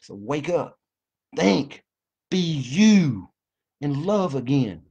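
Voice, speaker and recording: A man with a drawl speaks straight to his audience in a fervent, preachy monologue. He is folksy and profane, and his voice sits a little higher than most men's. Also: sing-song, very slow, creaky, pauses often, a little mellow, breathy edge. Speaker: vlogger. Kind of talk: impassioned monologue to camera.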